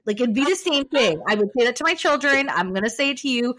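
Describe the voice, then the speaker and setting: A woman in her thirties, a podcast co-host from Canada, chatting casually, blunt and animated, swearing freely as she tells stories. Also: fairly high pitch, fast, few pauses. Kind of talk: casual chat.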